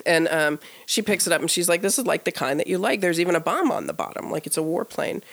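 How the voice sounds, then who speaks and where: A woman co-hosting a podcast, telling a story in a casual, animated way, full of "like" fillers and acted-out quoted dialogue. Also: fairly low pitch, fast, gravelly. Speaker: podcast co-host. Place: live podcast taping before an audience.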